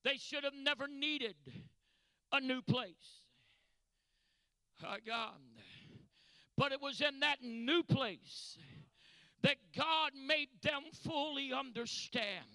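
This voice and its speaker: A preacher delivering an impassioned sermon to his congregation. He is hoarse from a recent illness and often rises to shouting. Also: extremely high pitch, slow pace, pauses often, no echo.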